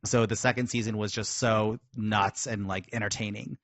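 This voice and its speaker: A man's voice: lowish voice, fairly even intonation, moderate pace, a bit bright, no room sound. A man co-hosting a podcast, chatting with enthusiasm in a casual way. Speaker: podcast co-host. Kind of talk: casual chat.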